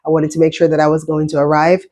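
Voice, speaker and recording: A woman's voice: deep voice, monotone, fast talker, dark tone, dull audio. A woman in her fifties with a Jamaican-American accent, chatting casually and telling her personal story to viewers, often restarting and repeating words. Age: 50s. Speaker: vlogger.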